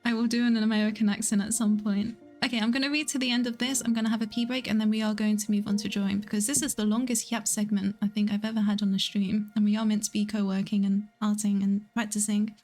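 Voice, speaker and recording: A woman's voice: medium pitch, little pitch movement, fast talker, few pauses, darkish tone, faint music behind. Chatty woman streaming. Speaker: livestreamer. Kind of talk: casual livestream chat. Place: at home.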